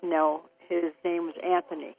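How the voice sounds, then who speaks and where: A woman's voice: lowish voice, flat delivery, moderate pace, creaky. New woman caller on a phone line.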